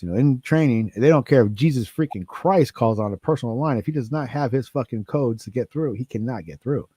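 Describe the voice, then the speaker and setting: Brief: male host, mid-pitched, animated and profane storyteller, dry close mic. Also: a little fast, few pauses, husky, dry recording. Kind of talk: casual chat.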